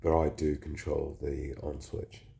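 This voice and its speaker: Man, flu-sick, very low creaky voice, rambling confessional storytelling. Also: flat delivery, measured pace, dark tone. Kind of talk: casual personal storytelling.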